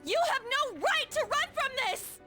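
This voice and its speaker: A fierce teenage schoolgirl from a video game yells in a very high, shrill falsetto, as a man puts her on. The voice is bright and piercing, and she speaks slowly and deliberately. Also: big pitch swings, faint music behind, heavily acted. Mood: furious.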